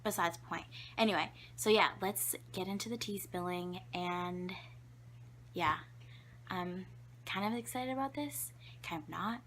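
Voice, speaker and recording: A woman's voice: on the low side, measured pace, fairly bright tone, a little hiss or hum. A young woman telling embarrassing childhood stories to camera, chatty and giggly, with lots of fillers and whispered asides. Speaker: vlogger. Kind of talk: casual storytelling to camera.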